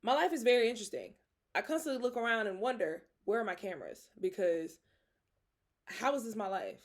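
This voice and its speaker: A young woman hosting a podcast, telling a story in a lively, dramatic way with slang and frequent laughter. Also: medium pitch, fairly quick. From Atlanta. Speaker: podcast host. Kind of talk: casual storytelling.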